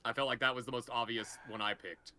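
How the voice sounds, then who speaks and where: A man's voice: medium pitch, fairly even intonation, sharp tone. A man co-hosting a casual podcast, rambling and correcting himself as he goes. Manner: fast, rambling, self-correcting. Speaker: podcast co-host.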